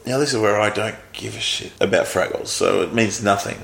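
A man co-hosting a podcast, giving a relaxed, wry, plain-spoken film review in casual chat. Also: fairly low pitch, brisk, creaky. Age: adult, older than in childhood. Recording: echoey room with faint background noise.

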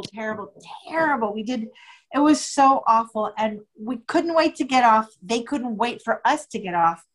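A woman's voice: a little high, fairly bright tone, rough recording. A woman, a podcast guest, telling a travel story with lots of expression, often laughing and acting out quotes. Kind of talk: animated storytelling.

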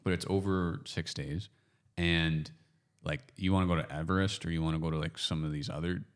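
Man, very low voice, Canadian accent, casual rambling podcast host. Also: fairly even intonation, clean tone. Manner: rambling, self-correcting, quick laughs. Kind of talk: casual chat.

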